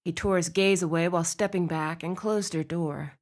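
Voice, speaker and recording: A woman reading a romance novel aloud as audiobook narrator, with expressive storytelling. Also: fairly low pitch, normal speed. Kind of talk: scripted narration.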